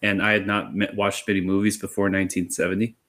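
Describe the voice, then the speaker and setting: A man's voice: sits low, little pitch movement, fast talker, fairly bright tone. A man on a film-review podcast who rambles in a laid-back way, with lots of fillers. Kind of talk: casual film-review chat.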